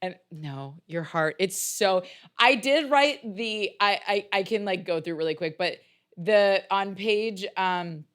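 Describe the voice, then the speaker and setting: A woman with a mid-range voice chats on a podcast, gushing and rambling about a script. Her talk is full of "like" and quick restarts. She sounds casual and excited. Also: medium pitch, clear, resonant tone. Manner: gushing, chatty, heavy use of "like". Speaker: podcast co-host.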